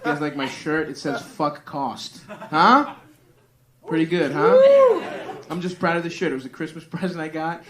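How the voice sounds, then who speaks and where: A man's voice: mid-range voice, a bit bright. Rambling, profane stand-up comedian man. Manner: rambling, profane, self-deprecating. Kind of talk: stand-up crowd work. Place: comedy club stage. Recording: live comedy club with crowd noise.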